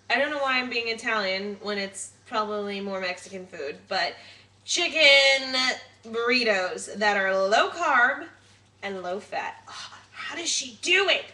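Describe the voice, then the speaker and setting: A woman's voice: medium pitch, lively intonation, measured pace, sharp tone, far from the mic. A young woman hosting a casual recipe demo in her home kitchen, chatty, giggly and playful. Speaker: home cook host.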